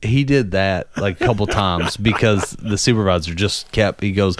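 A man in casual conversation, telling a story and acting out the people in it with loud, high-pitched quotes. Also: moderate pace, no echo. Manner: animated, acts out quotes with loud high voices.

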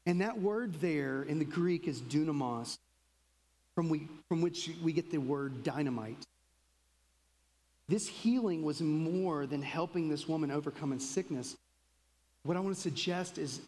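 A pastor preaching a sermon in a conversational way, acting out quotes in lively voices. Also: medium pitch, long reverb tail, low-quality recording.

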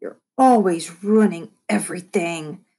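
A woman's voice: lowish voice, a little slow, dark tone, breathy edge. A woman voicing a bratty girl who snaps back at her brother in a storybook reading. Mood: snippy. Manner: snapping, smug. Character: bratty girl, snappy older sister.

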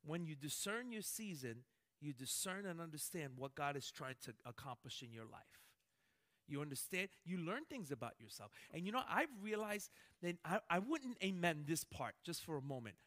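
A man preaching a sermon as pastor, animated, swinging between loud emphatic lines and hushed ones. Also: on the high side, moderate pace.

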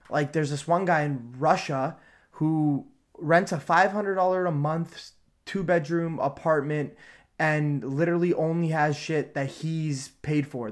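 Rambling, cursing young man hosting a podcast. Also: a little high. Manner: loose and rambling, swears freely, many fillers. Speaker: podcast host. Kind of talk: casual solo podcast chat.

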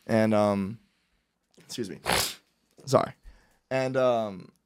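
A man telling a rambling party story in casual chat with friends, restarting his sentences and bursting into shouted quotes. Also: lowish voice, takes it slowly, smooth.

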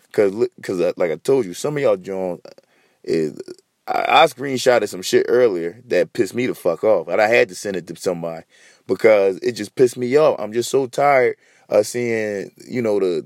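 A man's voice: on the low side, a little mellow, no echo, studio quality. A man hosting a podcast in a heated, profane, repetitive rant. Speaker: podcast host.

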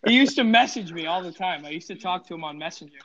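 Young man, high bright voice. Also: lo-fi sound. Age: young adult. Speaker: guest, youngest family member. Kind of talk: casual chat.

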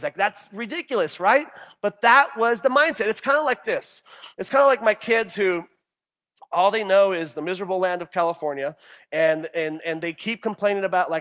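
A male pastor preaching a sermon in an animated way, often stumbling and repeating words as he acts out the people's complaints. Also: high-pitched, fairly quick.

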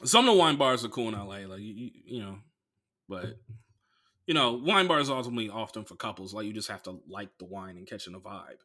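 Bright-voiced swearing comedian storyteller. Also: male voice, lowish voice, animated, fairly quick. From Oakland, California. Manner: rambling, swears a lot, acts out other people. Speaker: comedian podcast host.

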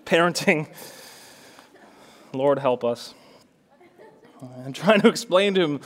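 A man's voice: a little high, animated, slow pace, pauses often. A young adult man, a pastor, preaching a sermon in an earnest way that rises to fervent emphasis.

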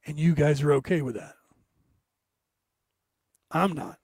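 A middle-aged man from the States rants about politics in a high, gravelly voice, sarcastic and mocking. The sound is dry and close. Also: unhurried, darkish tone, dry recording. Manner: ranting, sarcastic, mocks opponents in put-on voices. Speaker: commentator. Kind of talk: political rant.

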